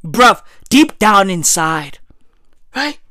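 A woman, delivering a profane comic rant full of "bruv" and "right?", her voice swinging high and low. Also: sing-song, extremely slow, bright, forceful tone, no echo, clean studio sound. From South Africa.

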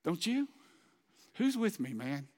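A pastor preaches an impassioned, exhorting sermon in a church auditorium and grows emotional as he closes in prayer. His voice is high and very animated, and he takes it slowly. The recording has long church hall reverb and a little hiss or hum.

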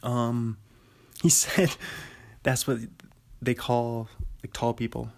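A man's voice: mid-range voice, flat delivery, slow, darkish tone. Brief: young male podcast host, loose and rambling, laughs as he talks. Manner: rambling, filler-heavy, laughs often. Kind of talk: casual solo commentary.

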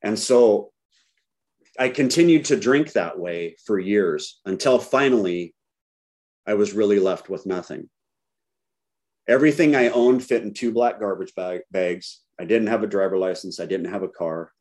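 A man's voice: fairly low pitch, normal speed, a little mellow. A middle-aged man giving a candid personal recovery talk to a group, telling his story with self-deprecating humor. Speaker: recovery speaker.

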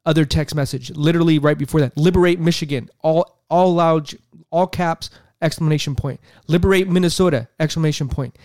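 Fired-up guy ranting politics, swears a lot, kinda high voice, dry sound. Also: darkish tone, no echo. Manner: heated, profane, repeats himself. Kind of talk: angry political commentary.

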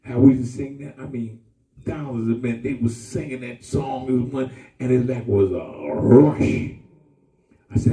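A male pastor giving a testimony sermon, telling his story with animated shouts and laughter. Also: medium pitch, unhurried. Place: church hall with congregation. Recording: echoey room, far from mic.

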